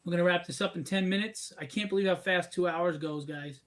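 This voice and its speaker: Male live-stream host, slightly high voice, talkative, casual and upbeat. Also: brisk, fairly bright tone. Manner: chatty and upbeat, self-mocking. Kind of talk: casual chat.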